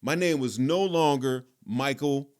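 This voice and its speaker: A man hosting a podcast, telling a personal story in a relaxed, conversational way. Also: mid-range voice, unhurried. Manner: relaxed, conversational, lots of fillers. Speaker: podcast host. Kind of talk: casual storytelling.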